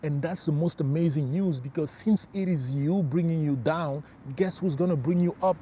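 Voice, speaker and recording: A middle-aged spiritual life coach gives an emphatic motivational talk on a livestream, repeating his key phrases and addressing listeners as bro. His voice is fairly high and mellow, at normal speed, with slight background noise.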